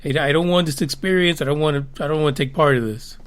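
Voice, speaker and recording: A man's voice: on the high side, fast, fairly bright tone. Rambling male podcast host. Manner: rambling, many fillers and restarts. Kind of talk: casual interview.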